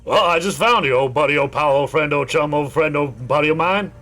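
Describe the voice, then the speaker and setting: A man's voice: a little high, a little fast, bright, forceful tone, faint music behind, voice pushed down. A man doing a chummy, looping skeleton. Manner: loops "oh buddy, oh pal" endlessly. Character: undead male skeleton, chummy and endlessly repetitive.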